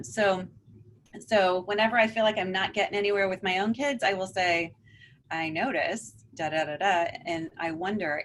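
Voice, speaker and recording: A woman counselor speaking to parents in a calm, conversational way, often acting out example dialogues. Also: mid-range voice, slight background noise. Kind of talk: informal talk to a parent forum.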